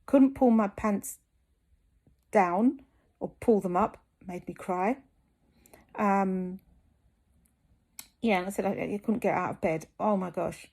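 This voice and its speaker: A tired woman from the UK talks openly to the camera, her voice dropping into a gravelly fry. She hesitates often, filling pauses with ums and restarting her sentences. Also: mid-range voice, a little mellow. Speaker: fitness vlogger recovering from surgery. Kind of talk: candid talking-to-camera vlog.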